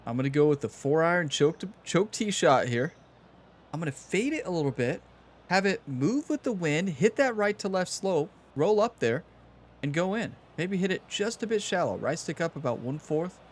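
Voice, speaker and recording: Young man, casual gameplay commentary, chatty, talks to viewers, a bit high. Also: very animated, normal speed. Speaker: gaming channel host.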